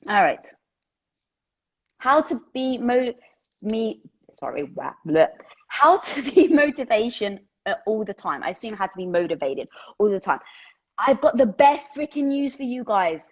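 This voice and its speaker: A woman, chatty and casual, giving motivational talk on a live stream through a headset, swearing lightly as she thinks out loud. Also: on the high side, big pitch swings, unhurried, slightly rough, muffled recording.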